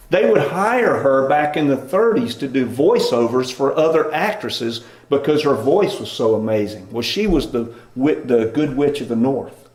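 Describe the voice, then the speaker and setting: A middle-aged man preaching a sermon as pastor, in a relaxed conversational storytelling manner. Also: on the high side. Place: church sanctuary. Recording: echoey church room.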